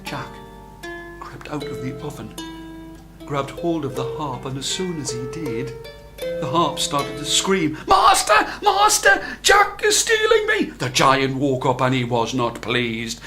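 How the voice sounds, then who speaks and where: An older man, a grandparent, reading traditional tales aloud as bedtime stories in a soft, animated way. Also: mid-range voice, measured pace, over music. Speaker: grandparent storyteller. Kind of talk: bedtime storytelling.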